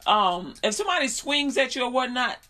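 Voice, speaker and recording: A woman preaching in an informal storytelling style, animated, laughing often and repeating her phrases. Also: fairly high pitch, a little fast.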